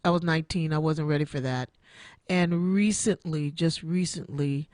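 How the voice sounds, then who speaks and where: A woman's voice: deep voice, normal speed, darkish tone, dry recording, studio quality. A woman in her sixties hosting an online radio show, giving an emotional personal testimony and repeating her phrases like a preacher. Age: 60s. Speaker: internet radio show host.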